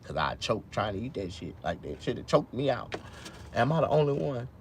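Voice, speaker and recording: A man's voice: brisk, slight background noise. A man chatting casually on a live stream, rambling and swearing, with speech slurred by missing teeth. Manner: rambling, swears a lot, swings from low mumbles to loud excited outbursts.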